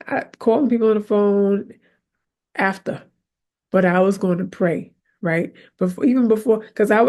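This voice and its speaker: A woman hosting a faith podcast, talking casually and animatedly, often checking in with "right?" and laughing easily. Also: medium pitch. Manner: conversational, keeps asking "right?"; animated, acts out her own prayers aloud. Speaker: podcast host. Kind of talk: faith-based motivational talk.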